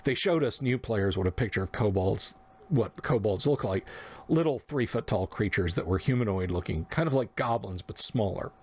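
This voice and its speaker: A man's voice: on the low side, animated, moderate pace, breathy edge. Male narrator, memoir storytelling, reflective, acts out quotes. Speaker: podcast narrator.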